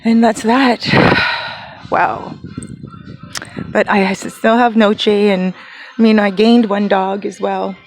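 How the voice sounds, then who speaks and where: A woman vlogger speaks casually from her home by the garden. She retells a sad story with feeling, quoting people and pausing on fillers. Faint music plays behind her. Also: mid-range voice, fairly even intonation. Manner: emotional, retelling with quoted dialogue and fillers.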